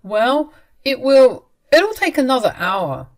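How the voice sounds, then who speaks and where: An impatient husband who brushes everyone off, read by a woman narrator. The lines come out higher and louder than the narration around them, in a plain storybook reading. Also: big pitch swings, slow, full character voice. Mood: dismissive. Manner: dismissive, impatient. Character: dismissive husband, adult man.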